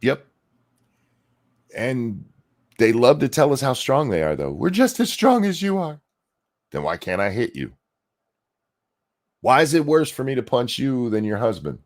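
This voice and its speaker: A man's voice: mid-range voice, sing-song, a little slow, pauses often. A man hosting a podcast, ranting in casual, mocking, sarcastic commentary. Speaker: podcast host.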